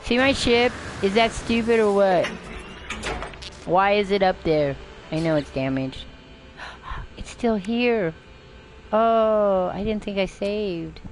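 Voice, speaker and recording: A woman's voice: mid-range voice, takes it slowly, darkish tone, a little hiss or hum. An older woman rambling through live gameplay commentary, chatting to herself and her viewers and swearing now and then. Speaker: game streamer. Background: game music.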